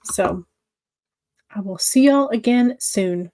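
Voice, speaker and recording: A woman's voice: fairly high pitch, takes it slowly, mellow. Woman host on a writing stream, casual chat, lots of ums and restarts, talks back to the chat. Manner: chatty, answers viewer comments, many fillers and restarts. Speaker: livestream host of writing sprints.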